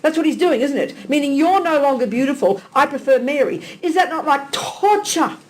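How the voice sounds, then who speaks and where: High-voiced blunt woman teaching. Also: brisk. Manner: animated, blunt, teasing, fires rhetorical questions. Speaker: Buddhist teacher. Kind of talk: live question-and-answer teaching. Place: teaching hall with a live audience.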